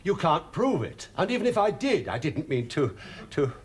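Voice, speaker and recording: Pompous bank manager, formal and flustered. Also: male voice, on the high side, sing-song, moderate pace, a little hiss or hum.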